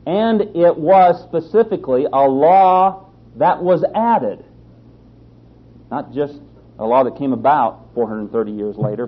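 A man teaching a sermon on scripture, who speaks emphatically, repeats his key phrases and asks rhetorical questions. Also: medium pitch. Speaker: Bible teacher. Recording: slightly dull lo-fi sound.

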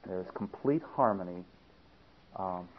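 A man delivering an emphatic radio sermon, reading passages aloud and swinging between loud stress and quiet asides. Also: sits low, expressive, slow pace. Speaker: preacher. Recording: tinny lo-fi radio broadcast.

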